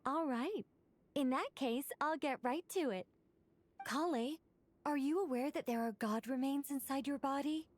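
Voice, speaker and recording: A woman voicing a composed, scholarly female character in a video game, explaining things in a measured way. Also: sits high, natural voice.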